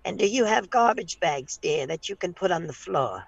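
A man voicing a pushy 87-year-old woman on a prank call, croaking and calling everyone "dear". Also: high-pitched, lively intonation, moderate pace, dry recording, highs cut off, full character voice. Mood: politely crude. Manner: croaky granny voice, ends every line with "dear".

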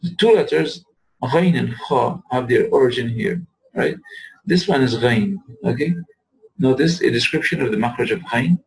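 A man teaching an Arabic lesson, patiently repeating words slowly to show how the sounds are made. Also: mid-range voice, vocal fry, darkish tone, poor audio. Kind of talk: recorded lesson.

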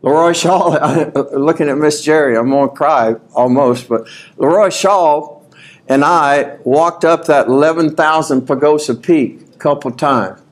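A man preaching a sermon at a conference, folksy and animated, reading scripture aloud and rising to shouts. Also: fairly high pitch, measured pace. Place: conference hall.

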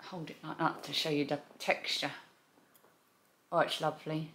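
A knitting and crochet vlogger talks excitedly about her projects in a laid-back show-and-tell, her low voice staying fairly level in pitch, a bit bright, and at a moderate pace. The room echoes around her.

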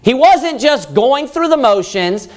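A man, a pastor, preaching a Bible study sermon, reading verses slowly and then explaining them in plain words, rising in force to stress his points. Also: big pitch swings. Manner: rises in pitch and force when stressing points.

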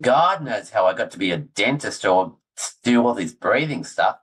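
A man's voice: fairly low pitch, normal speed, husky, poor audio. Aussie guy, middle-aged, gets all worked up explaining stuff, pokes fun at himself. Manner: excitable, animated storyteller, self-deprecating. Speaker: guest orthodontist. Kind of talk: casual podcast interview.

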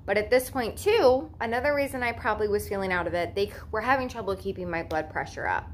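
A woman's voice: medium pitch, expressive, quick pace, slight background noise. Woman in her twenties retelling a scary birth. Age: 20s. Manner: emotional, swears freely, anxious retelling. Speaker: vlogger. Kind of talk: casual storytelling.

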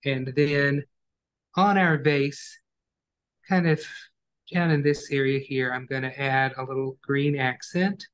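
A man teaching an online acrylic painting class, giving calm, step-by-step instructions as he works. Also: medium pitch, slow, smooth.

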